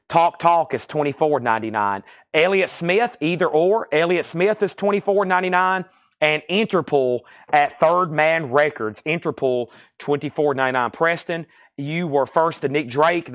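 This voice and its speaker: A man hosting a live record sale stream, briskly calling out titles, prices and buyers. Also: a little high, a bit bright, no room sound, studio quality.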